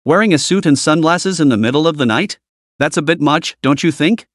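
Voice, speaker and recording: A man's voice: fairly high pitch, fairly quick, dry recording, studio quality, close to an everyday voice. A man voicing a cocky, crude young man who swears his way through trouble. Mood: mocking. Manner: blunt, swearing inner monologue.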